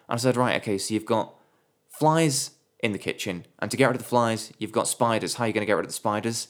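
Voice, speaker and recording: A man who blogs about movies, telling comic stories in a sardonic, sweary way and putting on quick voices for the people he quotes. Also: mid-range voice. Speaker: movie blogger. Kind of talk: comedic storytelling monologue.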